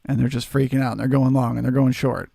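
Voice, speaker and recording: A man's voice: medium pitch, level tone, fast, vocal fry, mellow, no echo, studio quality. A man hosting a live trading stream, answering chat and coaching viewers in an earnest, emphatic way. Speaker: trading livestream host.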